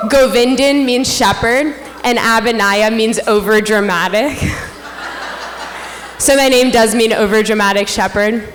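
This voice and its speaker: A young woman in her twenties emceeing a gala with a playful, self-mocking stand-up comedy set on a stage mic. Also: on the high side. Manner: animated punchline delivery, playful and self-mocking. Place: stage at a large gala hall. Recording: echoey hall, faint room ambience.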